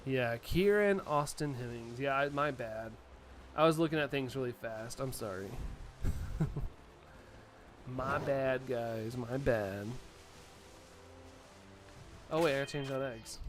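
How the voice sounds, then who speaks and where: An American man live streams, chatting casually and reading out and answering viewer chat, a bit sniffly from allergies. His mid-range voice is animated but a little slow, with long pauses. Soft music plays in the background.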